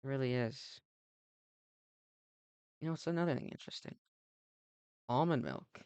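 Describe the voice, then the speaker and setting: A young man with a gravelly, fry-heavy voice rambles through an ironic, sweary comedic monologue over gameplay, piling up fillers and tangents. The recording is dry and close, with no room around it. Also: medium pitch, fairly quick, pauses often, no room sound. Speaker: let's play host.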